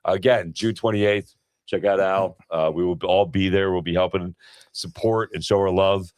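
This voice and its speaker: Deep-voiced laid-back male podcast host. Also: fairly even intonation, moderate pace, darkish tone, dry recording. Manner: laid-back, says "bro" and "man" often. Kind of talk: casual chat.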